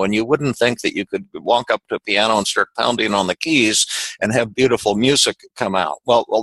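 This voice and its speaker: A man's voice: fairly low pitch, bright, forceful tone, no echo, poor audio. A man hosting a podcast and teaching communication, thinking aloud and often repeating words as he explains with everyday examples. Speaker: podcast host and therapist trainer.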